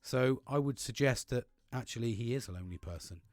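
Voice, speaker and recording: This is a man, talking straight into a podcast mic. He speaks frankly, swears freely and often laughs between thoughts. His voice sits at an ordinary male pitch and sounds dry and close. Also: lively intonation, a little fast, no room sound. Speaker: podcast host. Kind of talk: casual monologue.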